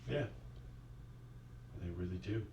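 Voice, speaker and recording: A man in a casual book club chat, speaking quietly with laid-back murmured agreement. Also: sits low, takes it slowly, muffled recording, slight background noise. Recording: roomy, distant mic.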